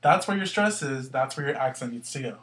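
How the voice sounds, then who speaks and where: A man's voice: medium pitch, expressive, brisk, fairly bright tone. A man teaching a Spanish grammar lesson, explaining patiently step by step and asking questions as he goes.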